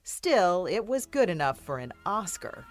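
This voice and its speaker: Lively, lowish-voiced woman narrating news. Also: measured pace.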